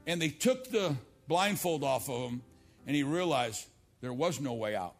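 Middle-aged male pastor, higher-set voice, storytelling sermon, shifts from emphatic to hushed; faint music underneath. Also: lively intonation, brisk. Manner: storytelling preacher, swings from loud emphatic lines to low quiet asides. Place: church service filmed for television.

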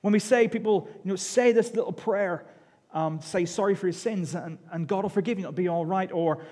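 A man's voice: high-pitched, brisk, a little mellow. A man preaching a sermon in a conversational, self-deprecating way, often repeating his words. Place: church hall. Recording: long echo of a large hall.

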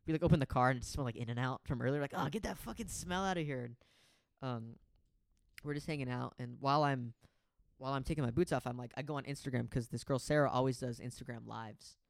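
A man's voice: mid-range voice, fairly even intonation, quick pace, creaky, no room sound. A young man telling a rambling story in casual chat as a podcast co-host, stuffing his talk with "like" and swearing freely. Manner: rambling, heavy use of "like", frequent swearing.

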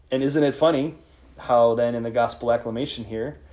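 A priest speaking in a conversational sermon to a live group, leading them in call-and-response. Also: male voice, medium pitch, steady tone, fairly quick, darkish tone. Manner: informal, leads call-and-response with listeners.

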